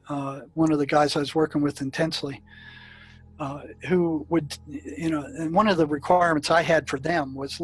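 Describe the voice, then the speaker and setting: A man with a slightly high voice recalls his years as a prison therapist. He stumbles and repeats words as he tells the story, while faint music plays underneath. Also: husky. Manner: halting, repeats words and restarts often. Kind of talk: storytelling recollection.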